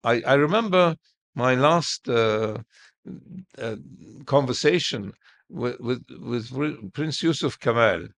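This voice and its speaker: Gravelly older man, hesitant reminiscing. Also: mid-range voice, animated, slow, fairly bright tone. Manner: hesitant, repeats words and restarts often. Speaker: guest. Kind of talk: reminiscing interview talk.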